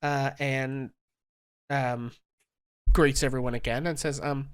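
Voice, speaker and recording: A game master narrating a tabletop game, halting with many ums and uhs. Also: medium pitch, steady tone, smooth.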